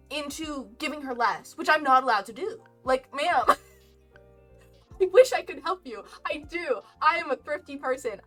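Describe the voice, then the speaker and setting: A young woman telling a casual story while streaming, animated and rambling, laughing often. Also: sits high. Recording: lo-fi game music behind.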